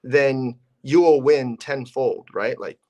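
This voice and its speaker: A man's voice: mid-range voice, takes it slowly, darkish tone. A young man, a real estate investor and agent, telling stories casually and acting out his phone calls with realtors. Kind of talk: casual podcast storytelling.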